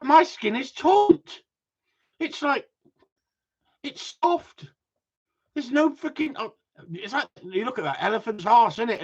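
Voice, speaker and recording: A middle-aged man with a husky voice, chatting bluntly on a live stream with sweary, self-mocking banter. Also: high voice, a bit bright. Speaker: dog trainer livestreaming. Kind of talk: casual live-stream chat. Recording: dull lo-fi livestream audio.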